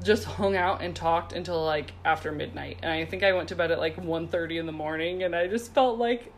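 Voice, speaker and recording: A woman's voice: lowish voice, fairly quick, slight background noise. A woman in her thirties, co-hosting a podcast and telling a funny story in a giggly, chatty way, with lots of "like". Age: 30s. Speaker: podcast co-host. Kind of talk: casual chat and storytelling.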